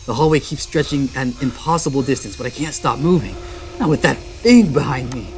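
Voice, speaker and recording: A man's voice: medium pitch, a little fast, a little hiss or hum. A man playing a horror game, reading its text aloud dramatically and breaking off with startled exclamations, recorded in a garage. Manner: excitable, frequent startled exclamations; reads narration dramatically. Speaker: gaming video host. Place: garage at night. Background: loud game music.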